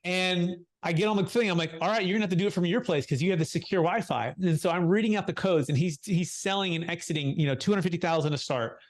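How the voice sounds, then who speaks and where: A man's voice: sits high, fast, few pauses. A young adult man telling a client story in a podcast interview, acting out quotes with lots of fillers. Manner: animated storyteller, acts out quotes, many fillers. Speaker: guest, capital gains tax advisor.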